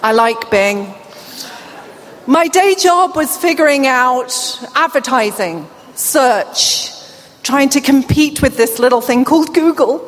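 High-voiced British woman with a deaf accent. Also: slow pace. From England. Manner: lively, crowd-rousing, warm asides to the audience. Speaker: keynote speaker. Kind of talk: conference keynote. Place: large hall. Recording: long hall reverb, faint room noise.

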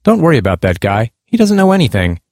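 A man's voice: medium pitch, huge pitch swings, fast talker, a little mellow, dry recording, clean studio sound. A man reading the lines of a young man who eagerly offers unwanted help. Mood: confiding. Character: overly helpful young man, confiding.

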